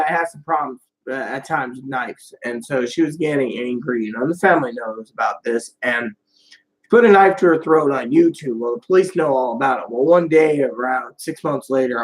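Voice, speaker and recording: A man's voice: medium pitch, poor audio. A man talking casually to camera in a personal vlog, rambling and profane, with many fillers. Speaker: vlogger.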